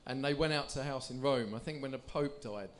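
A man's voice: medium pitch, fast talker, slight background noise. A man hosting a live podcast who quizzes his guest and reads out award results in a chatty way. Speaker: podcast host.

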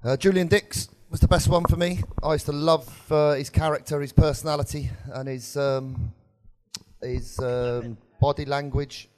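A man's voice: a little high, fairly even intonation, normal speed, a little mellow. A man, a former footballer, fondly and hesitantly recalling a teammate at a live Q&A. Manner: hesitant, fond recollection. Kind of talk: live stage Q&A.

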